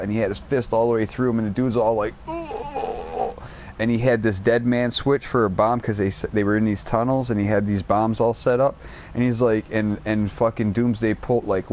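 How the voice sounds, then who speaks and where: A male game streamer rambles in loose casual chat, swearing constantly and piling on slang as he excitedly retells a story. His voice sits at an ordinary middle pitch. A faint hiss of noise sits under it. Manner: profanity-laden, excitable storytelling, heavy slang.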